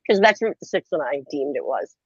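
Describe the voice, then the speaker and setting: A woman's voice: sits low, breathy edge, no echo, highs cut off. A woman hosting a late-night livestream, chatting playfully, giggling and rambling. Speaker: livestream host. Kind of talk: casual late-night stream chat.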